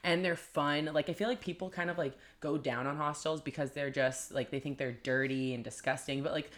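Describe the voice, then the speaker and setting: A Canadian woman chatting casually about travel, animated and full of "like", acting out the people in her stories. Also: low-pitched, a little fast. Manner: animated, lots of "like", acts out quoted people. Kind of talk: casual chat.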